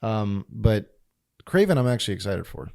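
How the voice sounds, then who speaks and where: Male podcast co-host, lowish voice, loose and opinionated, swears freely. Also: big pitch swings, normal speed, vocal fry, darkish tone. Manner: laughing, swearing, opinionated film talk. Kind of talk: casual chat.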